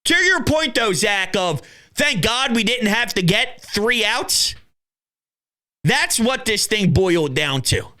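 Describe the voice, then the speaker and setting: Young Philly male host, high bright voice, shouty animated call-in chat. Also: slow. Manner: animated, shouts and acts out quotes. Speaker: show host. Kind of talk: excitable sports call-in chat.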